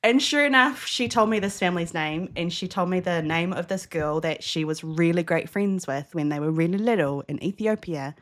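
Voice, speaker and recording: Speaking at a normal speed with few pauses, this young podcast co-host from New Zealand tells an energetic story during a relaxed chat. She has a New Zealand accent, and her pitch rises when she performs the dialogue.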